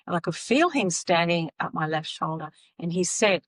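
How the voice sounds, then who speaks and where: A woman's voice: lowish voice, normal speed, dry recording, rough recording. A woman telling stories as a podcast guest, acting out the voices of people in them. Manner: animated, acts out voices in her stories. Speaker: podcast guest, psychic medium. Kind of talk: casual storytelling.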